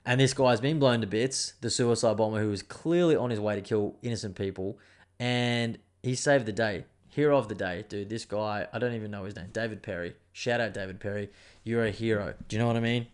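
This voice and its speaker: A man hosting his own podcast, telling a news story in a rambling, animated way with plenty of swearing. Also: lowish voice, fairly quick, clean tone. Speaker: podcast host. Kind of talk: casual solo podcast rant.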